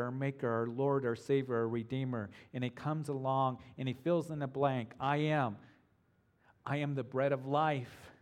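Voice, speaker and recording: A man's voice: medium pitch, a little mellow. Man preaching an earnest sermon. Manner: earnest, emphatic preaching with slowed repeated phrases. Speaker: pastor.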